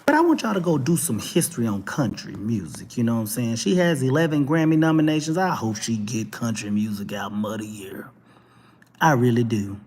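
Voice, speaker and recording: A Texan man hosting a talk show, delivering an animated, preachy monologue with mocking asides. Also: mid-range voice, brisk, in a large hall, slight background noise. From Texas. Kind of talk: opinionated monologue.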